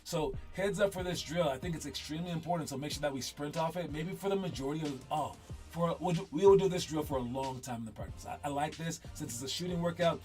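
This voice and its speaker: Animated, higher-voiced basketball coach man. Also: fast, faint music behind. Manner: animated, repeats himself, loose and joking. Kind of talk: casual talk to his players.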